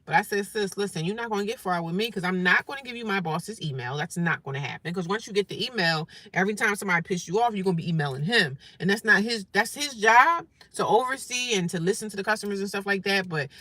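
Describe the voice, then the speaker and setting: In a casual storytelling rant, a New Jersey vlogger describes a rude customer, bluntly and with profanity, laughing a lot and doing exaggerated caller voices. Her medium-pitched voice has lively intonation and a sharp tone, and she speaks fast with few pauses. There's no room sound.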